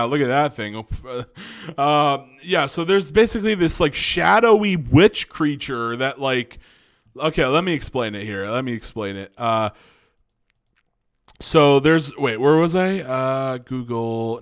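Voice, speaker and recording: A young man giving casual, rambling commentary as a video reviewer, chatty and profane, laughing often and stumbling over words. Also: mid-range voice. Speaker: YouTube show reviewer.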